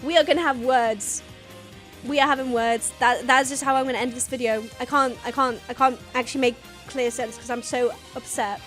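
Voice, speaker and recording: A young woman hosting a casual reaction video, excitable, gasping, laughing and swearing as she talks. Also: sits high, a little fast, faint music behind. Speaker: host reacting to a TV show.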